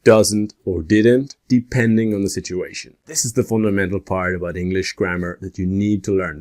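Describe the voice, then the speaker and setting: A man teaching an English grammar lesson, speaking slowly and deliberately and stressing each example question. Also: lowish voice, a little mellow.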